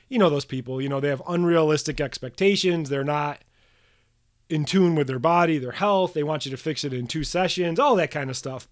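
A man with a slightly high voice delivers a solo podcast monologue. He is blunt and punchy, swears without a second thought and hammers points home by repeating them. He speaks like a coach pushing practitioners to do better. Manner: emphatic, drills points with repetition. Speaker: podcast host coaching manual therapy practitioners.

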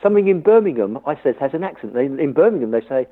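A man's voice: medium pitch, big pitch swings, quick pace. A man with a London accent chatting on the phone as a guest, joking about himself and laughing often. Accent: London English. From London, England. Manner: jokey and self-mocking, laughs often. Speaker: radio listener guest. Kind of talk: casual phone chat. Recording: tinny phone line.

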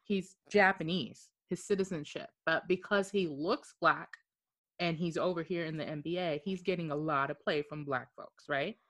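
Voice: medium pitch, normal speed, fairly bright tone. A podcast co-host in casual chat, talking earnestly and rambling with many fillers.

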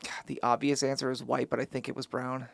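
A young man co-hosting a podcast, playing a trivia quiz with animated, indignant outbursts and mock frustration. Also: medium pitch, fast talker, creaky, no echo. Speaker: podcast co-host, quiz contestant. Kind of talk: casual podcast banter.

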